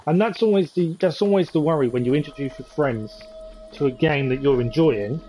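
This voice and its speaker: A man's voice: a little high, a little fast, mellow, faint music behind, poor audio. A man chatting with viewers as he thinks aloud during a live-stream gameplay commentary.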